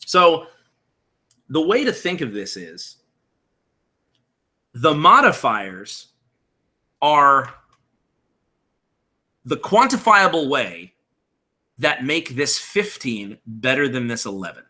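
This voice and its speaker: Man, thirties, tutorial host, casual explainer, bright forceful voice. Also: mid-range voice, very animated, takes it slowly, long pauses. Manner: casual, explanatory, reads chat aloud. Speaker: tabletop game host. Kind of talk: live-streamed tutorial chat.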